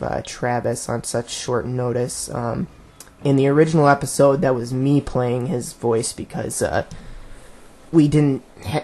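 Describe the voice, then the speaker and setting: A man's voice: mid-range voice, mellow. A man giving a casual director's commentary in a rambling, laid-back, self-amused way. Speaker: director of a web series.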